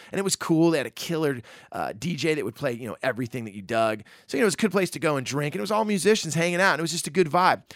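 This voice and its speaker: Man, middle-aged, casual storyteller, slightly higher voice, dry close sound, chatty with fillers. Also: no room sound. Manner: animated, loose, many fillers like "you know" and "like". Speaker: musician telling a story.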